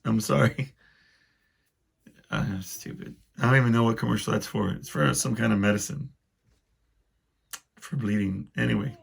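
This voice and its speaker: A man's voice: on the low side, moderate pace, gravelly, long pauses, slightly rough. A man hosting a solo podcast, rambling casually through wry, self-deprecating complaints. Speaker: podcast host.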